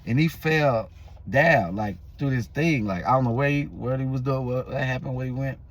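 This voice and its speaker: A man's voice: mid-range voice, normal speed. A man vlogging, telling a story in a loose, rambling casual way with restarts and fillers.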